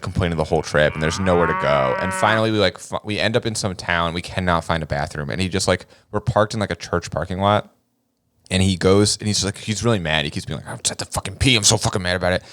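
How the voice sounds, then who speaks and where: A man's voice: low voice, brisk, clean tone, no room sound, clean studio sound. A man in his thirties co-hosting a comedy podcast, telling a story from his college days with lots of laughter. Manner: animated storyteller who laughs often. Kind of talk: casual comedic chat and storytelling.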